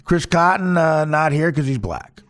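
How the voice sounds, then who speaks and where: A man hosting a podcast, talking in a casual, rambling monologue full of crude, profane jokes and deadpan asides. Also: fairly high pitch, normal speed. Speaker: podcast host.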